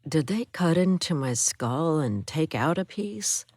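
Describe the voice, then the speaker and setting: A groggy man coming round after surgery, read by a woman narrator. The voice is low and unhurried, with a slow, drowsy delivery. It is recorded close and dry for an audiobook. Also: animated, a little mellow, dry recording.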